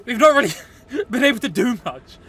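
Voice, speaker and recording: A man giving excitable, joking let's play commentary, often shouting and swearing at the game. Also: very high-pitched, brisk, husky. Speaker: gaming channel host.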